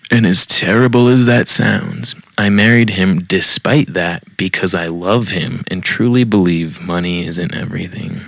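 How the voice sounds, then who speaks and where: Low gravelly guy reading a post out loud, cusses a lot, dry close sound. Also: measured pace, few pauses, no echo. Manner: blunt and profane, mocking asides. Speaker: podcast host. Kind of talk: reading a post aloud with commentary.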